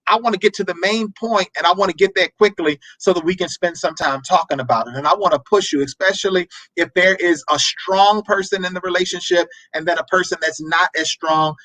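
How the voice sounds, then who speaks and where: A man hosting a marriage advice show, talking in a preacherly way, repeating words and breaking into animated asides. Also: sits high, a little fast, few pauses, no echo, low-quality recording. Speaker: marriage talk show host.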